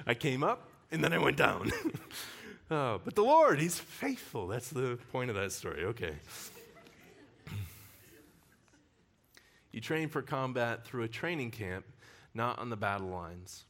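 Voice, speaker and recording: A male pastor preaches with a lively, swooping voice that rises and falls all through his talk. He tells personal stories in an animated way and breaks into laughter often. His delivery stays warm-hearted and conversational from the pulpit. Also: medium pitch, measured pace, creaky, pauses often. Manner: animated storyteller who laughs often while talking.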